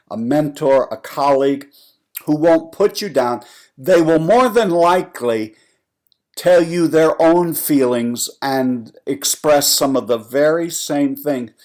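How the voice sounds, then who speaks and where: A man's voice: medium pitch, darkish tone. A man hosting a podcast, giving an earnest, encouraging motivational talk straight to the listener. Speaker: podcast host and speaker.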